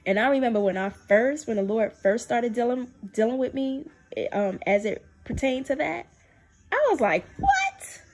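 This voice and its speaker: Speaking to camera in a faith video, a woman shares a spiritual testimony emphatically, repeating phrases for emphasis. She talks at a moderate pace with few pauses, and her voice drops low and soft whenever she quotes God.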